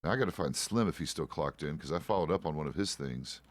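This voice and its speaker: A man's voice: a bass voice, expressive, fast talker, no room sound, studio quality. A man streaming a western roleplay game, chatting casually in character as a deputy with loose, profane, rambling asides.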